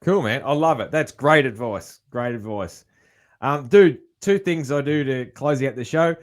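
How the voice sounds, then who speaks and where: A man's voice: on the high side, normal speed. A man with a broad Australian accent hosting a podcast, laid-back and calling his guest "man.". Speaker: podcast host. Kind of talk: casual interview chat.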